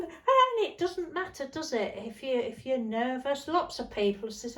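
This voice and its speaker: A woman's voice: high-pitched, big pitch swings, measured pace, hardly any pauses, rough recording. Chatty British woman crafting. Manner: chatty, rambling and cheerful. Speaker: craft vlogger. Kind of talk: casual chat while crafting.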